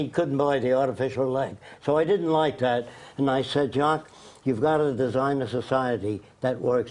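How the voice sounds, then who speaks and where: A man's voice: medium pitch, darkish tone. An older man being interviewed, telling long rambling stories and acting out the voices of people in them. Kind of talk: conversational storytelling.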